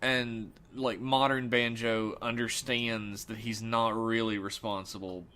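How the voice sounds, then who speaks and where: A man with a bright, forceful voice chats casually on a podcast. He keeps throwing in mocking jokes about the characters. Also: on the low side, little pitch movement, unhurried, smooth. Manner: joking, mocking asides. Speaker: podcast co-host. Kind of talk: casual chat.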